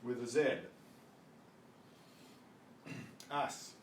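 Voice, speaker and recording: An older man teaching a Spanish class, slow and patient, often clearing his throat, recorded from a distance. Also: mid-range voice, steady tone, a little mellow. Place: classroom at a senior center. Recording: echoey room, mic at a distance, faint noise.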